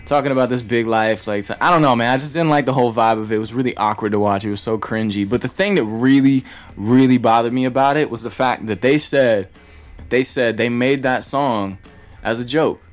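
A man's voice: medium pitch, brisk, soft background music. Heated, emphatic man in a casual chat. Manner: heated and emphatic, repeats words for stress. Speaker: guest.

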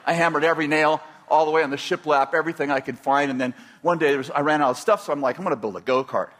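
Older Californian man, fairly high-pitched, spins a rambling childhood story with stops and starts. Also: steady tone, quick pace, fairly bright tone. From California, USA. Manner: rambling, frequent restarts, chuckling. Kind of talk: personal storytelling.

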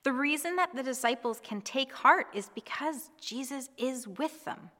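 A woman giving a gentle, reassuring devotional sermon, speaking in a reflective way. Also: sits high, lively intonation, normal speed, in a large hall. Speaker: preacher.

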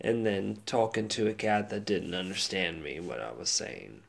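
Male podcast host, gravelly, rambling casual monologue, subdued and low-key. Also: big pitch swings, normal speed. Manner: rambling, laid-back with many fillers and restarts. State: sad, subdued.

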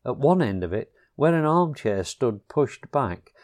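A man reading a children's storybook chapter aloud, slow and expressive. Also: mid-range voice.

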